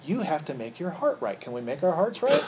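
Male Bible teacher, slightly raised pitch, asks the group questions and circles back over his words. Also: sing-song, a little fast, noisy background. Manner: quizzes the group, repeats words when rephrasing. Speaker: Bible study leader.

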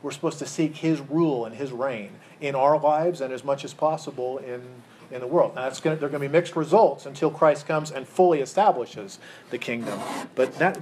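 With a darkish tone, a medium pitch and a slightly fast pace, a pastor delivers a sermon to a live congregation. He asks the room questions and keeps restarting phrases with repeated words, all on poor audio with slight background noise.

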